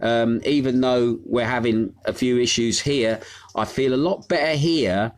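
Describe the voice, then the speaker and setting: A man hosting a local news show from his home, talking casually and haltingly with many fillers. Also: medium pitch. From United Kingdom. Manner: rambling, halting with frequent fillers. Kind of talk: casual live news monologue.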